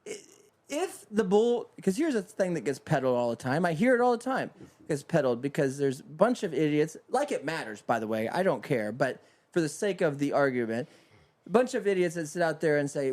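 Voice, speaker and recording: A man's voice: fairly high pitch, big pitch swings, a little fast, a little mellow. A man co-hosting a casual talk show, ranting heatedly and profanely. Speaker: podcast co-host. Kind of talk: casual comedic rant.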